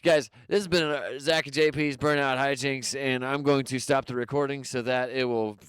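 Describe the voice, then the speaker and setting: A man's voice: mid-range voice, steady tone, clear, resonant tone. A man co-hosting a comedy podcast over a video call, rambling and joking. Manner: rambling, joking, quick to do voices. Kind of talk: casual chat.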